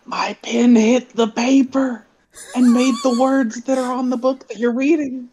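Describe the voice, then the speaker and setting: A man's voice: very high-pitched, flat delivery, unhurried, darkish tone, a little hiss or hum, pitched above the performer's own voice. A man playing a cocky author hero who answers in a sarcastic, patient way. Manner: sarcastic and patient, with a laughing lilt.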